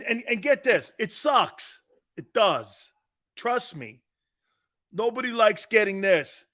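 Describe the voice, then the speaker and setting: A man's voice: fairly high pitch, pushed and bright. A man hosting a sports talk show, brash and joking in casual banter. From Italian-American.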